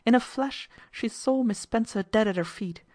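A woman's voice: on the high side, normal speed, darkish tone. Woman narrating a classic audiobook. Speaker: audiobook reader.

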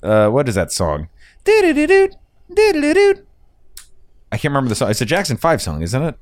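Rapid-fire and lowish with big swings in pitch, a podcast host chats casually, rambling, cursing and laughing at his own yarns. It's a dry, studio-quality recording.

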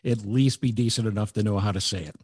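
A man's voice: lowish voice, steady tone, fast talker, darkish tone, slightly rough, dry recording, clean studio sound. A man co-hosting a casual chat podcast, joking and teasing in banter. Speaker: podcast co-host.

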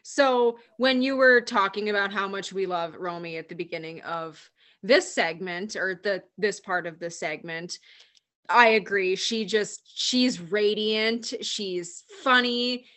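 A woman's voice: medium pitch, a little slow, bright, forceful tone. A woman co-hosting a podcast in casual chat, chatty and often filling with "like". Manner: chatty, fills with "like". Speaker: podcast co-host.

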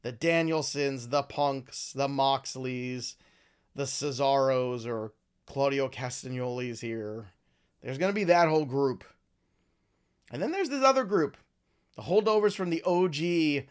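A man hosting his own talk show, giving opinionated, rambling commentary with lively swings in pitch and loudness. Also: takes it slowly, long pauses, clear, resonant tone. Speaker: podcast host. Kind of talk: casual wrestling commentary.

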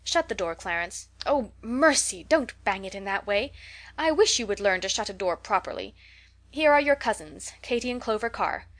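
A fussy society matron who scolds and corrects in a prim, nagging way, read by a woman. Her pitch sits in an ordinary middle range, and she is an audiobook figure. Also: lively intonation, normal speed, a bit bright, lightly acted. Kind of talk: audiobook character reading.

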